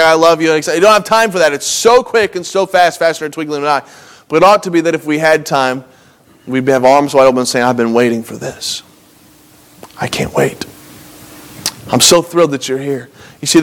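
A young man preaches with earnest, conversational energy, often restarting his sentences and leaning into points for emphasis. His voice sits somewhat higher than typical for a man. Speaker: pastor. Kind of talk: sermon.

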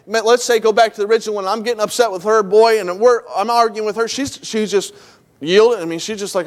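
A middle-aged man preaching a sermon, telling a story about himself and acting out both sides of the dialogue in an animated way. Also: high voice, fast. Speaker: pastor. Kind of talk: sermon with acted illustrations.

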